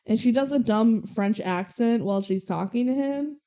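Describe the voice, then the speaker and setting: A woman's voice: on the high side, normal speed, mellow. A young woman co-hosting a podcast, casually recapping a movie scene by scene and quoting the characters, with lots of "like" and "um.". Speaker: podcast co-host.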